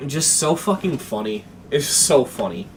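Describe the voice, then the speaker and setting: Slow-talking young man telling a story. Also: medium pitch, slight background noise. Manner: animated, profane, swings between mumbling and excited. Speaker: streamer. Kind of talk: casual storytelling chat.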